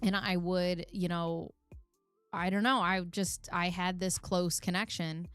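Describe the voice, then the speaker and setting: A middle-aged woman hosts a casual chat in a smooth, lowish voice, talking candidly and swearing freely as she tells personal stories. Faint music plays behind her. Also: steady tone, measured pace, a bit bright, no echo. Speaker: channel host. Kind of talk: casual live chat reading comments.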